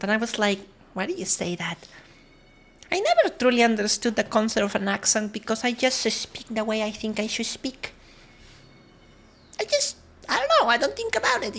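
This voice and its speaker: A woman's voice: on the high side, fairly bright tone. A woman streamer, chatting casually with her viewers and greeting them one by one. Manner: chatty, greets viewers one by one, switches between English and Spanish.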